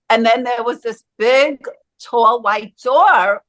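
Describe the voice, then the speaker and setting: A woman's voice: fairly high pitch, measured pace, fairly bright tone. Earnest woman telling a vivid story. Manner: earnest, vivid retelling that acts out quotes. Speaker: interview guest. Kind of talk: personal storytelling in an interview.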